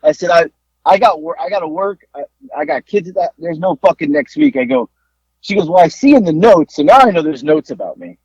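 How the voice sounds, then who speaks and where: A man co-hosting a podcast, telling a story in a casual, animated way and acting out the people he talked to on the phone. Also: sits high, fairly quick, vocal fry, slightly rough, dry recording. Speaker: podcast co-host. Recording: dull lo-fi dry sound.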